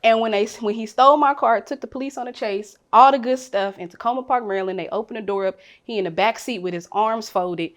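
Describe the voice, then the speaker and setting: A woman speaking candidly and emotionally in a panel conversation, swinging from hushed to loud. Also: on the high side, fast talker, hardly any pauses.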